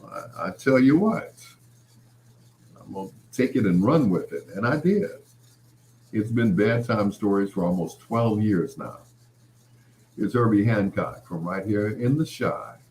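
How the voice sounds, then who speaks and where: A middle-aged man hosts a show, telling stories in a low voice. His delivery swings up and down a great deal, and he laughs and drops "you know" asides all the way through. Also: lively intonation, unhurried, a little mellow, a little hiss or hum. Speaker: podcast host. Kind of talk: storytelling monologue.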